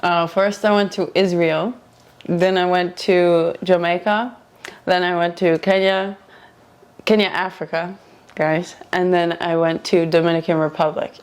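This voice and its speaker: A woman speaking as a guest in a casual interview, relaxed and thoughtful, with frequent ums. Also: fairly low pitch, measured pace, smooth.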